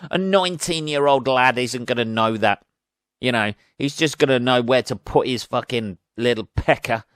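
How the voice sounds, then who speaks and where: A man's voice: mid-range voice, fairly bright tone, clear, resonant tone, no room sound, studio quality. A man hosting a podcast, rambling through a crude comic monologue and laughing at his own jokes. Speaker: podcast host. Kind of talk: casual comedic monologue.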